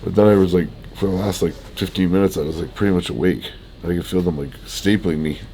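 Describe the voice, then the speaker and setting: Deep-voiced laid-back guy. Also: steady tone, fast, warm tone, a little hiss or hum. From Canada. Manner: laid-back, laughing often, swearing, rambling with many likes. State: groggy after surgery. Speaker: fitness vlogger. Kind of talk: casual storytelling. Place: hospital room.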